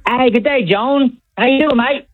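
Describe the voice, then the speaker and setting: A man's voice: extremely high pitch, normal speed, faint music behind. A man doing a hammy fake Australian bloke. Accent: put-on Australian. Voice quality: hammy, drawled mates and good days. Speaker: caller. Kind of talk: phone-in bit on radio. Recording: tinny phone line.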